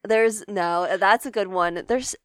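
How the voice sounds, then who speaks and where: A woman co-hosts a podcast with a smooth, clear voice, teasing her partner and laughing easily. The recording is dry and close. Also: medium pitch, slow pace, dry recording. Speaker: podcast co-host. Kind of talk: casual chat.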